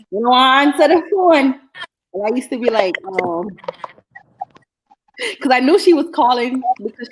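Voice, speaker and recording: A woman's voice: medium pitch, darkish tone, slight background noise, low-quality recording. A woman co-hosting a casual podcast chat, telling a heartfelt personal story and speeding up when moved. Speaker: co-host.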